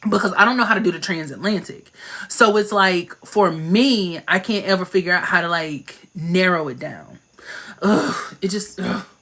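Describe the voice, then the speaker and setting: A man hosting a casual livestream chat, playful and slangy, talking into his phone with quick asides. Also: high voice, creaky, sharp tone. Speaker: livestream host.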